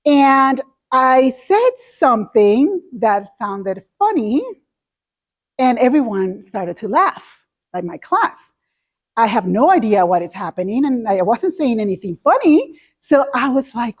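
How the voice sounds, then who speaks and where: A woman's voice: on the high side, sing-song, slow pace, dull audio. A middle-aged woman with a Spanish accent telling a personal story in a talk, acting out her own past reactions. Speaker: speaker.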